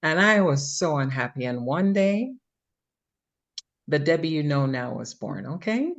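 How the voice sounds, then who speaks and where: Jamaican-accented woman co-host, low pitch, animated storyteller. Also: unhurried, lo-fi sound. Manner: lively storytelling with laughs. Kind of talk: casual conversation.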